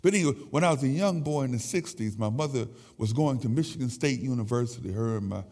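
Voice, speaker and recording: A man in his sixties giving an emotional, halting sermon testimony in a church sanctuary. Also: mid-range voice, animated, a little mellow. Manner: emotional, halting with repeated words. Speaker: church speaker. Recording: echoey church hall.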